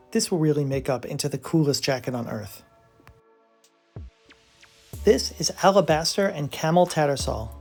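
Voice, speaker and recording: A gravelly-voiced presenter narrates from a script at an ordinary mid pitch. The delivery is enthusiastic and admiring throughout. Soft background music plays faintly behind the voice. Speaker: brand presenter.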